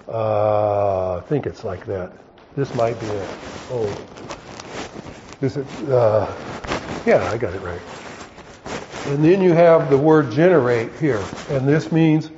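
A man's voice: mid-range voice, dark tone, muffled recording, slight background noise. A man, a pastor teaching a Bible lesson to his congregation, explaining words one at a time and often stopping to correct himself. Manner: halting, self-correcting, explaining word by word.

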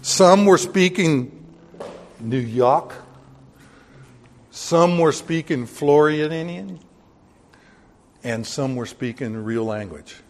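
A man's voice: a little high, takes it slowly. A man preaching a sermon in a folksy, joking way, with sudden bursts of emphasis. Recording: long hall reverb.

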